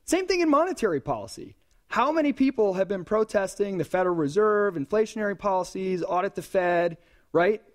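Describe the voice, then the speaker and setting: A man giving a live conference talk in a hall, animated and joking with the audience between points. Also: high-pitched, a little fast. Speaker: conference speaker.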